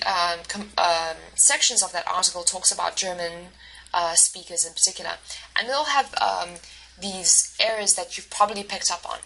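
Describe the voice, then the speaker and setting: A woman's voice: mid-range voice, pushed and bright, a little hiss or hum, rough recording. A woman instructor giving a recorded lecture, explaining step by step with frequent fillers and self-corrections. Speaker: university instructor.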